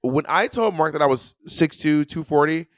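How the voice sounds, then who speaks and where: A young man co-hosting a podcast, telling a story in a sassy, animated way and acting out what people said. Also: a little high, moderate pace, no room sound, clean studio sound. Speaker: podcast co-host. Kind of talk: casual chat.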